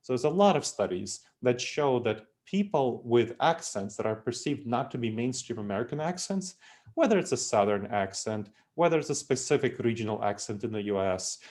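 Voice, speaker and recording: A middle-aged man with a Russian accent presents a business training talk at an average pitch. He explains with emphatic repetition, returning to his key phrases again and again. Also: lively intonation, moderate pace, darkish tone. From Moldova. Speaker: speaker, trainer.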